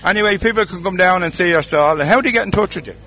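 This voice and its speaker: A man's voice: sits high, racing, sharp tone. An Irish man hosting casual walkabout interviews at a festival, chatty and jokey, laughing often. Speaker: roving host at a festival.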